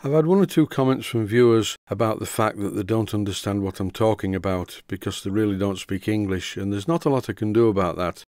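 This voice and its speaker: A Yorkshire man talks through a workshop tutorial in a steady, methodical way, with dry humour. His voice sits low, and the recording is close and dead dry with no room sound. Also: brisk, hardly any pauses, no room sound. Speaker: model engineering tutorial presenter. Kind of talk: instructional voice-over.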